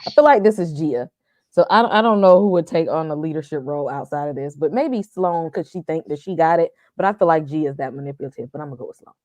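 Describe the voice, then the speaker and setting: A woman's voice: deep voice, a little mellow, no echo. A woman on a casual TV review panel, blunt and slangy. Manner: blunt, slangy, fast talking.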